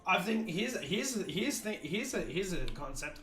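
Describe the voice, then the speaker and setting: A man hosting a livestream, chatting casually and thinking out loud, restarting his sentences often. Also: sits high, very animated, moderate pace. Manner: rambling, thoughtful, many restarts and fillers. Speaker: livestream host. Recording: roomy echo, faint music behind.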